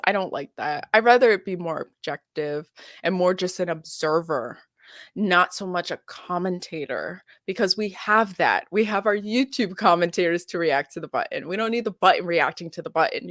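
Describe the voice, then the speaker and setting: A woman's voice: fairly low pitch, a bit bright. A chatty young woman reacting to a video on stream for her viewers. She giggles easily and fills her talk with "like". Her voice is close and dry, with no room echo. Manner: giggly, chatty, full of filler "like".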